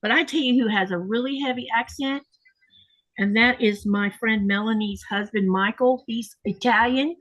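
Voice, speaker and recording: Chatty higher-voiced woman storyteller. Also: moderate pace, fairly bright tone. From Florida. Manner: chatty storyteller, reads viewer comments aloud. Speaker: host of a sewing live stream. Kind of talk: casual chat while sewing.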